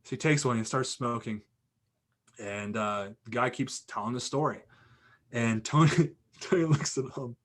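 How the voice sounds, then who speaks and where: A man's voice: mid-range voice, moderate pace. A young man talks on a podcast in a loose, chatty way. He tells a story with a lot of energy, filling it with "like" and restarting his sentences as he goes. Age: young adult. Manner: animated anecdote with lots of "like" and restarts. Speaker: podcast guest. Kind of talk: casual storytelling.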